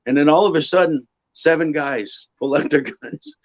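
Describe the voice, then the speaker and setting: A man in a casual chat telling lively travel anecdotes and acting out the sound effects. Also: on the high side, normal speed, muffled recording.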